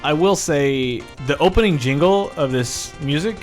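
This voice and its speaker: A man's voice: fairly high pitch, moderate pace, faint music behind. A man chatting casually and explaining a game as he plays it. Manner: relaxed, explains game while playing. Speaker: birthday guest player. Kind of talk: casual gameplay chat.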